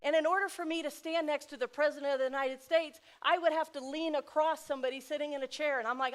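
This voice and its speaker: Middle-aged woman speaker, heartfelt and emphatic, slightly high voice, loud bursts and quiet asides. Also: fairly even intonation, fast, hardly any pauses. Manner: heartfelt, emphatic, swings between loud exclamations and soft asides. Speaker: speaker at a dinner event. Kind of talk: personal speech to an audience.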